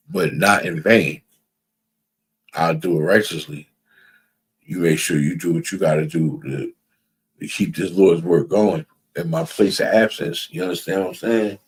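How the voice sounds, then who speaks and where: Man, religious class teacher, husky and low, emphatic preaching, quotes scripture. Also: measured pace, pauses often. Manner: emphatic, repeats phrases, asks "you understand?"; reads out scripture verses.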